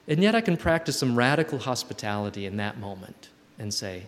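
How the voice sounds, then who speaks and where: A man at mid pitch speaks to a gathered group in a gentle, reflective manner, slipping in playful asides. He reads heartfelt old letters aloud. The voice carries a long hall reverb from a live recording. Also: animated, fast talker, few pauses. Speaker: camp speaker. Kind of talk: reflective spiritual talk to a group.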